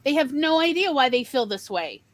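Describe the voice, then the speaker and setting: Female co-host, fairly high voice, emphatic, animated delivery. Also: normal speed. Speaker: podcast co-host. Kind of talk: casual chat.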